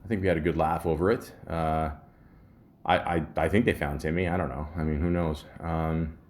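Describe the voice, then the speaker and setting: A man's voice: rumbling low, fairly even intonation, normal speed, a little mellow. A Canadian man hosting a podcast, telling stories in a rambling, casual monologue with many ums and restarts. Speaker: podcast host.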